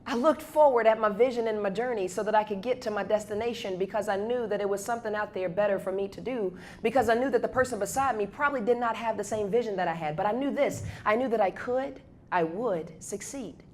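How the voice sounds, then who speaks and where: A woman gives a motivational talk at a university event, leading the audience in a repeated chant and building up to shouts. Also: mid-range voice, fast talker, hardly any pauses, a little hiss or hum. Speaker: guest speaker.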